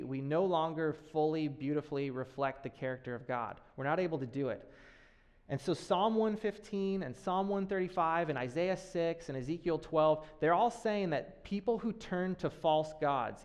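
A man preaching a sermon in a lively, conversational way, with playful asides to the listeners. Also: on the high side.

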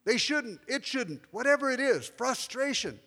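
A man's voice: very high-pitched, big pitch swings, moderate pace, sharp tone. A man preaching as a pastor, telling a personal story and speaking straight to members of the congregation. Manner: personal, confessional storytelling with asides to listeners. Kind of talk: sermon. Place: church sanctuary. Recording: long hall reverb in a church.

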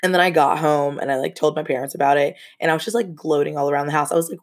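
A woman's voice: sits low, steady tone, fast talker, few pauses. A young woman hosting a casual podcast, telling a story with frank, profane asides and laughs.

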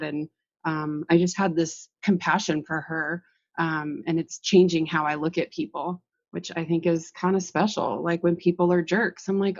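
A woman's voice: lowish voice, flat delivery, moderate pace. A woman therapist co-hosting a casual chat, rambling with many fillers. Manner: rambling, filler-heavy, laughs often. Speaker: therapist, podcast co-host. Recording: dull, muffled sound.

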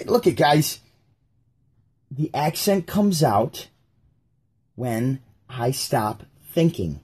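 A man hosts a casual livestream, rambling through his points. His voice is slightly husky and breathy at a middle pitch. He slips into quick impressions of the people in his stories. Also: big pitch swings, a little mellow. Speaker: live-stream host.

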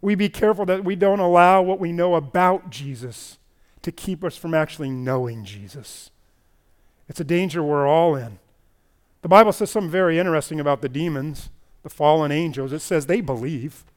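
A man preaching a sermon as pastor at a church service, swinging between loud emphatic stretches and quiet low passages. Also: normal speed.

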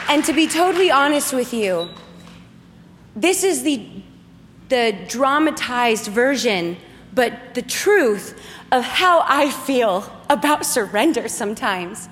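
Emphatic high-voiced woman preaching. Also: slow, in a large hall, a faint crowd, a little hiss or hum. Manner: emphatic, repetitive, animated storytelling. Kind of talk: sermon with personal story.

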